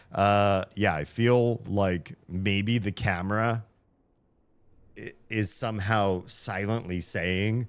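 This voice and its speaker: An American man chatting casually on a live stream, earnest and reflective, drifting from thought to thought. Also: deep voice. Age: adult with children.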